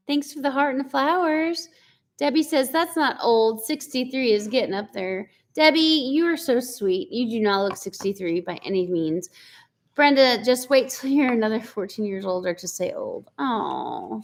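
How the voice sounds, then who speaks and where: A chatty woman in her forties hosts a relaxed live stream. Her voice sits a little high, and she keeps laughing as she reads out viewer comments. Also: normal speed. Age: 40s. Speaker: livestream host. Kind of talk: casual live chat.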